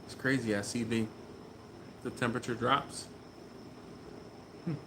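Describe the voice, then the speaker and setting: Slow-talking man hosting a live stream. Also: mid-range voice, fairly even intonation, noisy background. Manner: chatty, laughs often, reads viewer comments aloud. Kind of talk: casual live-stream chat. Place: warm garage beside a running smoker. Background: fan running.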